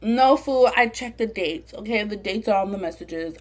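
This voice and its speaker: A woman's voice: medium pitch, normal speed. A young woman, telling a profane story to camera and acting out the quoted voices. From Southern California. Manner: profane, animated, acts out quotes. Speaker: mukbang vlogger.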